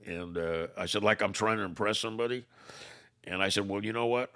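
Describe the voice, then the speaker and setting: An older man, a podcast guest, telling a story by acting out both sides of an old argument, with halting restarts. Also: lowish voice, bright, forceful tone. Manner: retells arguments through quoted dialogue, "I said", "I go". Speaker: podcast guest, former motorcycle club leader. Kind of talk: storytelling in conversation.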